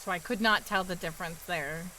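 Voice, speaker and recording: A woman's voice: lowish voice, fairly quick, bright, forceful tone, a little hiss or hum, low-quality recording. A young woman with a New York accent, chatting casually with her viewers while she plays a game and answers their questions. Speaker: streamer. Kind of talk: casual chat with live chat while gaming.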